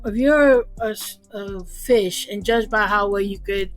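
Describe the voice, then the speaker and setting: A woman's voice: mid-range voice, a little slow, soft background music. A woman co-hosting a casual commentary chat, chatty with frequent laughs and fillers. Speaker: commentary co-host.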